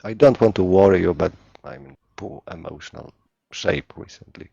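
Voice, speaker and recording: Low, halting man chatting. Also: animated, vocal fry, mellow, slightly rough, no room sound, highs cut off. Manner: halting, searching for words. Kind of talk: casual chat.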